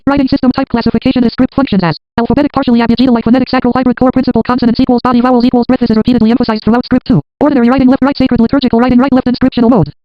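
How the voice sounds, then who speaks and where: High, very fast clipped list-reading voice. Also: no room sound. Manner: clipped list-like delivery in short fragments. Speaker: narrator. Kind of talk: scripted narration read from notes. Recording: dull lo-fi dry recording.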